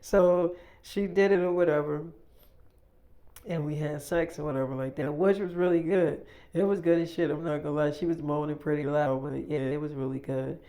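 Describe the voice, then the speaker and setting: A man's voice: fairly high pitch, fairly even intonation, normal speed, dark tone. A man telling a story in a casual, rambling, crude way, full of fillers.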